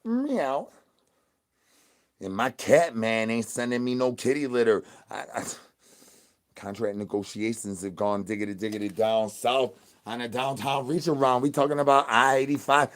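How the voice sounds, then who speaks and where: A man's voice: medium pitch, steady tone, moderate pace. A man, streaming in a goofy, rambling patter full of nonsense words and catchphrases. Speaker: streamer in zombie persona.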